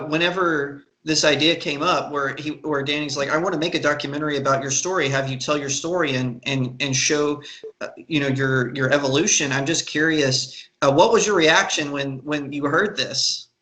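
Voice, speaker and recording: A man's voice: on the high side, normal speed, pushed and bright, low-quality recording. A young adult man hosting an interview, asking questions in a curious, hesitant way. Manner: curious and hesitant, many fillers. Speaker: interview host. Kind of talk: casual interview.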